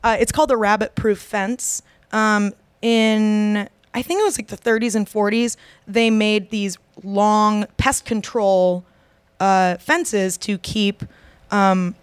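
Chatty woman with a smooth voice. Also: mid-range voice, fairly even intonation, takes it slowly, dry recording. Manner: rambling, many fillers and restarts. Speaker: podcast co-host. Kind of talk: casual chat.

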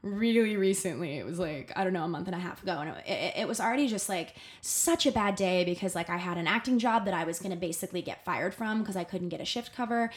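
A young adult woman, a podcast guest, telling a workplace story in a casual, animated way, full of fillers and acted-out quotes. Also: fairly low pitch, fast, hardly any pauses.

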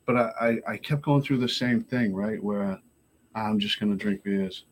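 A man's voice: lowish voice, normal speed. Rambling, profane man. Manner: rambling, profane, frequent 'you know'. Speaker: guest in recovery. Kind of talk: casual storytelling.

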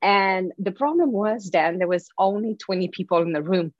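Woman, French accent, podcast guest, expressive storyteller, lo-fi muffled sound, dry room. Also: medium pitch, moderate pace, dry recording. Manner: animated, expressive storyteller with frequent restarts. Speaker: guest, confidence speaker. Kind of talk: casual interview storytelling.

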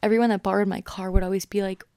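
A young woman in her twenties chats through a solo podcast episode in an easygoing, upbeat way, peppering her talk with "like." Her voice is smooth and resonant but carries a lot of vocal fry. The sound is close and dry. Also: mid-range voice, level tone, racing, darkish tone, dry recording. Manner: chatty, upbeat, many "like" fillers. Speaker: podcast host.

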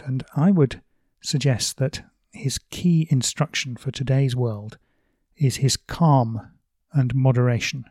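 A man hosting a podcast, giving measured, thoughtful commentary with a lightly wry touch. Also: mid-range voice, warm tone, dry recording, clean studio sound. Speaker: podcast host and blogger.

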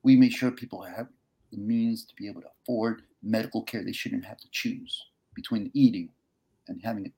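A man with a rough, gravelly voice speaks with earnest conviction. He tells a gripping personal story, then lays out his political plans with building intensity and punchy repetition. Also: medium pitch. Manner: earnest, impassioned, rises to near-shouting. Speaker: congressional candidate. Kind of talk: emotional storytelling and campaign pitch.

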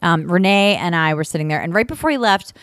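Animated woman telling stories. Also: fairly low pitch, quick pace, dry recording, studio quality. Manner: animated storytelling, swearing, frequent laughs. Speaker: podcast co-host. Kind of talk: casual chat.

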